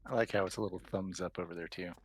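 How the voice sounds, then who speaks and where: Husky gravelly man on voice chat. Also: low-pitched, steady tone, rapid-fire. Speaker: raid tank. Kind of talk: casual voice chat while gaming.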